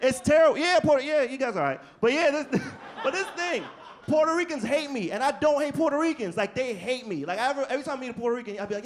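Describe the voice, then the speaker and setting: A man's voice: extremely high pitch, quick pace. A man doing a casual, profane stand-up comedy set on a comedy club stage, telling stories with energy. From New York. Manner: casual, profane, animated storytelling.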